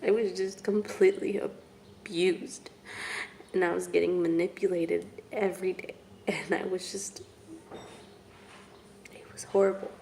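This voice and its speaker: A young woman speaking to camera in a low, flat, mellow voice. She talks haltingly, pausing often and letting words fall to a whisper. The delivery stays subdued throughout. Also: creaky, a little hiss or hum. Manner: halting and soft, with long pauses and trailing whispers. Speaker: vlogger. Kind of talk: personal testimony vlog.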